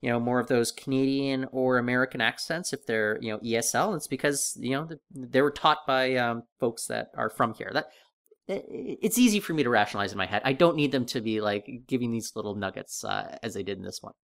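A man's voice: medium pitch, a little fast, creaky, fairly bright tone. Hesitant man in casual chat. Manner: hesitant, many fillers and restarts. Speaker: podcast co-host. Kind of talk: casual discussion.

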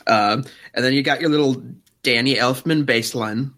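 Male co-host, casual, bright forceful tone, mid pitch, blunt and dry. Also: moderate pace. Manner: dry, blunt opinions, imitates music sounds. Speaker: podcast co-host reviewing a film score. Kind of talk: casual chat.

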